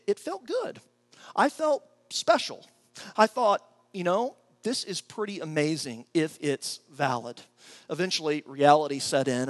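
A middle-aged man preaching a sermon, telling a story with animated, excitable energy and a soft, slow voice when he prays. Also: a little high. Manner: animated storytelling, acts out his own excited voice; prays softly and slowly. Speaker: pastor.

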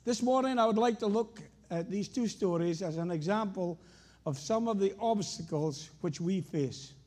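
Scottish preacher, husky high tenor, storyteller who builds to emphatic points. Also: male voice, normal speed, a little mellow. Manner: storytelling, anecdotal, rising to emphatic. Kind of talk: sermon.

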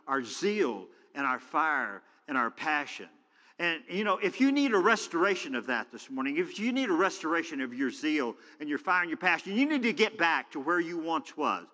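A man preaching a sermon as a pastor, acting out quoted voices with big swings in pitch and loudness. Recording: hall reverb.

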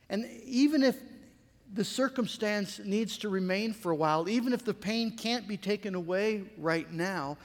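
A man preaching a sermon in an earnest, measured way, reading scripture aloud with dramatic weight. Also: high voice, big-room sound. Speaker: pastor.

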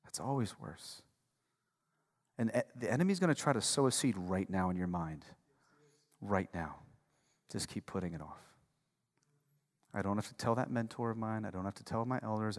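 Fired-up pastor preaching in a big hall. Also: male voice, lowish voice, lively intonation, fairly quick. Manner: conversational, swings from hushed to fired-up preaching. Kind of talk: sermon. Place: church sanctuary. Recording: long reverb of a large hall.

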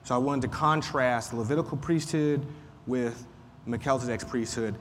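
A man's voice: mid-range voice, normal speed. A man teaching a Sunday school Bible class in a conversational way, repeating points and using frequent fillers. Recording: faint noise, long room reverb.

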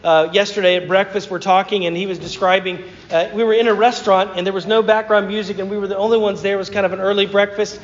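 A man's voice: high-pitched, little pitch movement, fast, few pauses. A man with a Southern accent, preaching a sermon as a pastor, talking in a conversational, hesitant storytelling way with many fillers and restarts. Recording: dull sound with long hall reverb.

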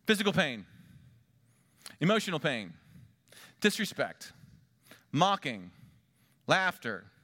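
A man preaching a sermon, pressing his listeners with repeated rhetorical questions and swinging between loud stress and hushed, drawn-out words. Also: a little high, big pitch swings. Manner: emphatic, asks the congregation repeated rhetorical questions. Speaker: pastor.

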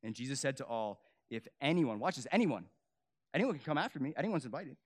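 A young adult man preaching a sermon, swinging from loud emphatic peaks to quiet, low, earnest stretches, with casual asides to the congregation. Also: animated, a little fast. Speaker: pastor.

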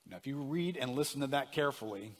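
A pastor preaches a sermon with emphasis, leaning hard on single words and asking the congregation questions. His mid-range voice has lively intonation and he talks fast, with a long reverb tail trailing his words.

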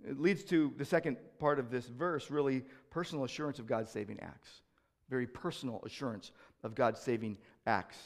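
A pastor delivers a sermon in a mid-range voice at a brisk pace. He repeats key phrases, poses rhetorical questions, and shifts between loud proclamations and quieter, reflective asides.

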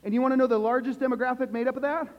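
A man preaching a sermon as pastor, asking the congregation questions and swinging between hushed and loud emphasis. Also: very high voice, steady tone, racing. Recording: echoey hall, dull lo-fi sound.

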